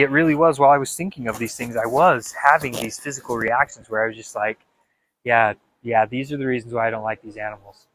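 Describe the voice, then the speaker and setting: A young man talking in a casual vlog monologue, animated and dramatic, with frequent stammered restarts. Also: on the high side. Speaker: vlogger.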